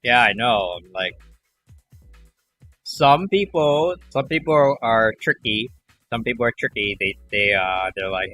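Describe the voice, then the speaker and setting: A man hosting a livestream, chatting casually in a rambling way and acting out callers in animated voices. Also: mid-range voice, measured pace, faint music behind. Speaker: livestream host.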